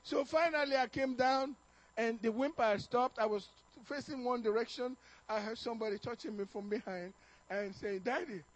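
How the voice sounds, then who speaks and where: A middle-aged man preaching a sermon, telling family stories in an animated way, chuckling and stammering now and then. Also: very high voice, normal speed, rough recording. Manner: animated storytelling, chuckling, acting out quotes with stammers. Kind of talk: sermon on parenting told as a personal story.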